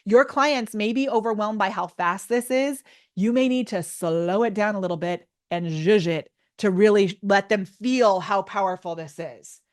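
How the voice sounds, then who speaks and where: A woman runs a live online workshop, demoing on screen with loud, bubbly excitement. She laughs often and keeps her voice at an ordinary middle pitch. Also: moderate pace. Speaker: workshop presenter.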